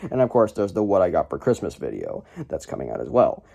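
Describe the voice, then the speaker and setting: A man's voice: sits low, very animated, quick pace, creaky, dark tone. A young man hosting a casual video, talking to camera in a rambling, chatty way, full of fillers and restarts, and joking at his own expense. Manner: jokey and self-deprecating. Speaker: YouTube list-video host.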